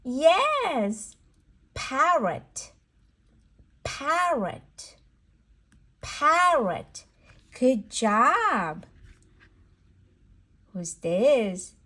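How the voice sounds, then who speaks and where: A young woman reads a farm-animal picture book to a toddler, her high voice leaping up and down in a sing-song way. She speaks very slowly and warmly encourages the child after each page. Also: sing-song.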